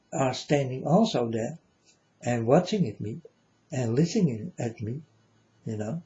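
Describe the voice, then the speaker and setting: A man with a warm, mid-range voice gives a casual, rambling monologue as a self-styled spiritual speaker, swearing often, tossing in "you know", and using non-native English grammar. The sound quality is lo-fi.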